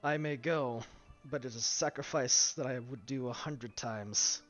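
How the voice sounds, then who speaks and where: A man's voice: medium pitch, unhurried, voice pushed down, close to an everyday voice. A man voicing a noble, self-sacrificing knight leader in a lion-pelt robe, speaking in solemn, formal tones. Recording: dull lo-fi stream, faint music.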